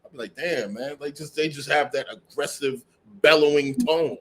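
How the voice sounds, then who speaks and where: A man talks emphatically on a casual podcast, swearing often. His voice sits a bit high for a man. He keeps coming back to "you know what I mean.". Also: level tone, normal speed, slight background noise.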